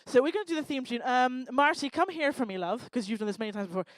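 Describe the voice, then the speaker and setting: A woman doing lively, teasing crowd work on a live talk stage, speaking into a handheld microphone. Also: high voice, no room sound. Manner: energetic, teasing, bossy and quick to joke. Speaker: stage performer working the crowd.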